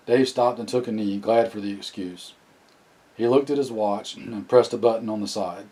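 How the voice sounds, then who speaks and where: Male audiobook narrator; low and mellow, steady reading with the odd restart. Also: normal speed, poor audio. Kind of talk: scripted narration.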